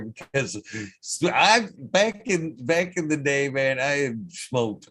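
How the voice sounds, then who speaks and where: A man hosting a podcast, asking questions in a loose, animated way with casual swearing. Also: medium pitch, slow, poor audio. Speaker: podcast host. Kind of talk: casual chat.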